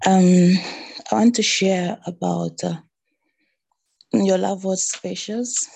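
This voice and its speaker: Husky, gravelly woman sharing a sermon. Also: mid-range voice, steady tone, slow, warm tone. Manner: earnest, retelling a sermon with hesitations. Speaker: church member sharing. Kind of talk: testimony over video call. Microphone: video call.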